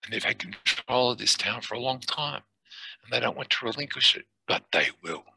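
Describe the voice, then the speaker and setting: A middle-aged man telling a personal spiritual testimony in an earnest, halting way, sometimes dropping to near whispers. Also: mid-range voice, lively intonation, creaky, background noise. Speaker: testimony speaker.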